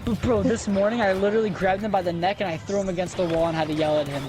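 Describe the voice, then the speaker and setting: A young man in a casual voice chat with friends, telling an animated story, swearing freely and getting defensive. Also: high voice, racing, very noisy.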